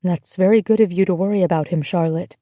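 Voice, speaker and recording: A woman voicing a kind, steady American woman who comforts a frightened girl in a gentle but firm way. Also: lowish voice, quick pace, no echo, clean studio sound, natural voice. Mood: reassuring.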